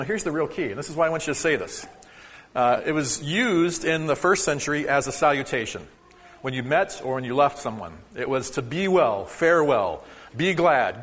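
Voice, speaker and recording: A man's voice: a little high, fairly bright tone, in a large hall. A man preaching a sermon to his congregation in a conversational, joking way, teaching a short lesson. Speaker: pastor. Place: church sanctuary.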